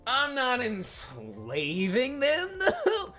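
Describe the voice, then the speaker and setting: Voice actor doing a loud goofy show-off game guy. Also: high-pitched, wildly swooping pitch, very slow, faint music behind, pitched above the performer's own voice, full character voice. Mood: goofy bragging. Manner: loud, boastful and whiny. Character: immature goofy show-off young man.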